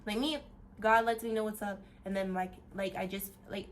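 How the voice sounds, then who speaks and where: Woman, vlogger, casual rant, animated, laughs a lot, cusses, rambling restarts, mid-range voice. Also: mid-range voice, moderate pace, slight background noise. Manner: animated, laughs often, swears freely.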